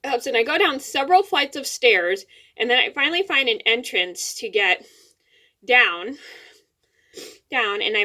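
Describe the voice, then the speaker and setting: A woman's voice: medium pitch, pushed and bright. A young woman telling a story to the camera in a rambling, casual way, repeating words and apologizing, a little teary-eyed. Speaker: vlogger.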